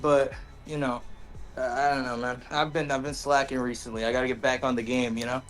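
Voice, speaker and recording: A man's voice: medium pitch, level tone, fairly quick, faint music behind. A man being interviewed about a match, talking in a laid-back, rambling way and swearing now and then. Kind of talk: casual chat.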